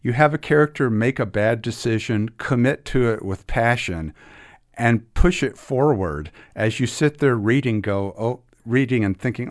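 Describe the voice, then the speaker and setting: A man's voice: mid-range voice, measured pace. A middle-aged man talking enthusiastically about restoring old comics, with many restarts. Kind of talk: casual interview talk.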